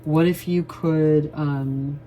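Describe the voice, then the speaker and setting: A woman's voice: low-pitched, steady tone, slow pace, dark tone, a little hiss or hum. A woman giving a chatty tarot reading to camera, talking loosely, swearing playfully and laughing often. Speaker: tarot reader.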